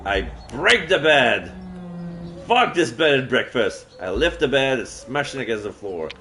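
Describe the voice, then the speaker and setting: Excitable man narrating a solo roleplay. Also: medium pitch, a little slow, slight background noise. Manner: excitable, swearing outbursts. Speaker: streamer.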